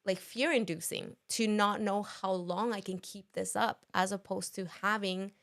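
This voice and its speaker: A woman's voice: medium pitch, steady tone, moderate pace, gravelly, fairly bright tone. A woman co-hosting a casual podcast who asks probing questions and talks with frequent fillers. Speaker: podcast co-host.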